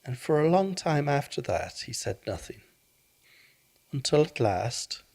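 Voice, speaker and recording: A man reading a children's bedtime story aloud in an expressive, unhurried way. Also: mid-range voice, creaky.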